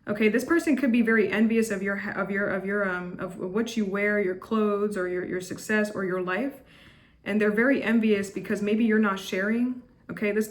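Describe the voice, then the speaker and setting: A woman giving a casual tarot reading to camera, chatty and blunt, with lots of restarts and fillers. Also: medium pitch. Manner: chatty, repetitive, with frequent restarts and "like"; blunt and judgmental. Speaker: tarot reader.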